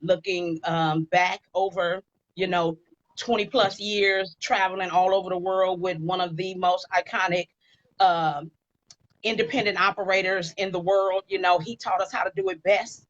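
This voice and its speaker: A woman in her fifties, a guest in a live-stream interview, telling her story in a casual, animated way. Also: lowish voice, normal speed, no room sound, lo-fi sound.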